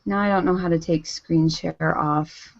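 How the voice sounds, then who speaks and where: A woman co-hosting a weather podcast in casual chat, self-deprecating and quick to laugh. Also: sits low, fairly even intonation, vocal fry, highs cut off, slight background noise. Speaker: co-host.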